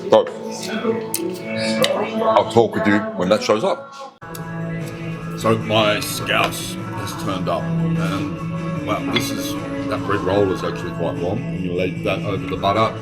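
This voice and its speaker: Low-voiced man savoring a restaurant meal. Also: takes it slowly. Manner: relaxed, savoring each bite with frequent hums. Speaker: food vlogger. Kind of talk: casual food review. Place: indoor restaurant. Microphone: camera set on the table. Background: faint background music.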